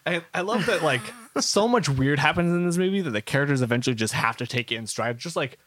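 A man's voice: on the high side, expressive, fast, fairly bright tone, a little hiss or hum. A man co-hosting a podcast, chatting casually about a film in a dry, wry way and acting out quotes. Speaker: podcast co-host. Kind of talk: casual movie chat.

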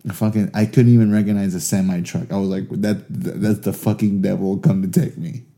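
A man's voice: low voice, fairly quick, creaky. A man telling a long casual story, swearing freely and laughing as he goes. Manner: animated, profane, laughs through his stories.

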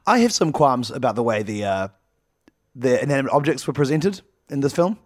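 A man's voice: medium pitch, sing-song, fairly quick, dry recording, studio quality. A man co-hosting a casual comedy podcast, rambling and joking and laughing often. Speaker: podcast co-host.

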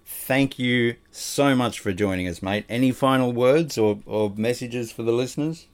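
A man hosting a podcast, talking in a gentle, reassuring way. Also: medium pitch, moderate pace, clear, resonant tone. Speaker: podcast host. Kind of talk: casual chat.

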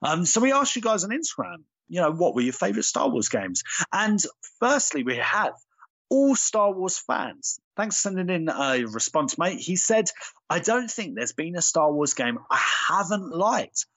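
A man's voice: sits high, very animated, moderate pace, a bit bright, dry recording, highs cut off. A man co-hosting a podcast, chatting with enthusiasm and lots of fillers. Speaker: podcast co-host. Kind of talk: casual chat.

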